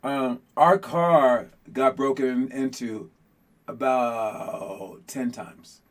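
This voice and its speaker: A man hosting a casual motivational talk on a podcast, rambling and animated with lots of fillers, who grew up in Los Angeles. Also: mid-range voice, drawn-out words. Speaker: podcast host.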